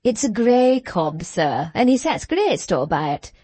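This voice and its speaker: A woman's voice: mid-range voice, sing-song, measured pace, mellow, husky, dry recording. Woman doing a wheezy, mincing old-style innkeeper. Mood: chatty. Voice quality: treble, wheezy voice with a mincing accent. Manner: deferential, chatty, says "sir" often. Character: pompous plump male village innkeeper.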